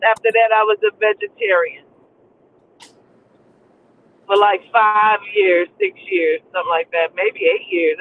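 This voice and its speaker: A woman co-hosting a casual panel chat, animated, slangy and blunt. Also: a little high, narrow, tinny audio, a little hiss or hum. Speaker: panel co-host.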